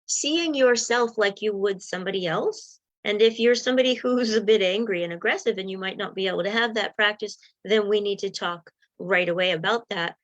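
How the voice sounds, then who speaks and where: A woman's voice: mid-range voice, a little fast, few pauses. A woman mindset coach giving a motivational talk to viewers, encouraging and acting out inner voices.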